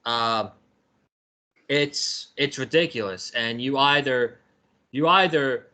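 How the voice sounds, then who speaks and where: An American man co-hosting a casual wrestling podcast, giving measured opinions. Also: medium pitch, sharp tone. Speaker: podcast co-host.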